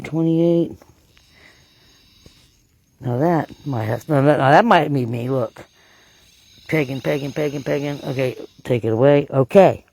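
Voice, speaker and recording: A man researching bigfoot, talking casually and excitably to the camera outdoors in the woods at night. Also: mid-range voice, gravelly, breathy edge, dry recording. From Florida. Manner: talkative, hushed and excitable. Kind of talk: casual field narration to camera.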